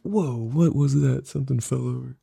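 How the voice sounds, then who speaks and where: A man's voice: medium pitch, moderate pace, vocal fry, warm tone, breathy edge, dry recording, studio quality. A young man hosting a podcast alone, rambling casually with lots of laughs and slang. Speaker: podcast host. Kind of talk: solo casual podcast chat.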